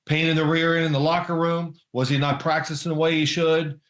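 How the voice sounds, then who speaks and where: Older guy, chatty storyteller, bit higher voice, laughing a lot, roomy echo on the mic. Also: brisk. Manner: animated storyteller, mimics others, laughs often. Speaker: guest, former NFL quarterback and analyst. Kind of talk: casual remote interview.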